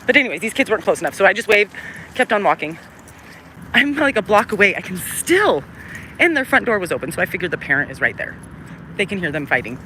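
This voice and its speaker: A woman's voice: lowish voice, bright, forceful tone, poor audio. A middle-aged woman rambling and cursing as she walks down a busy street, a little out of breath, speaking into a phone held in her hand. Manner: rambling, digressive, swears freely, trails off with "anyways". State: short of breath in the humid heat. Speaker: vlogger. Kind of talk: casual rambling monologue while walking. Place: outdoors on a busy city street. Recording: street noise and passing cars.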